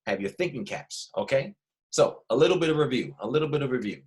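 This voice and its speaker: A man's voice: mid-range voice, expressive, fast talker, darkish tone. A young man with a slight Philadelphia accent, teaching a first grade history lesson and patiently repeating key words for small children. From Philadelphia family. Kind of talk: online classroom lesson.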